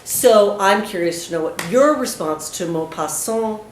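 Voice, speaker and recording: A woman's voice: mid-range voice, animated, unhurried. A woman professor asking a long, thoughtful question from the audience, with frequent restarts. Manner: thoughtful, hesitant, with many restarts. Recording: echoey room with faint hiss.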